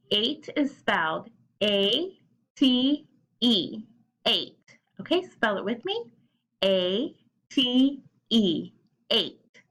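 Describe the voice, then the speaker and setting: A woman teaching young children sight words, sounding out letters clearly and cheering them on. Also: medium pitch, fairly bright tone, poor audio. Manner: encouraging, cheerful. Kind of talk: early reading lesson for young children.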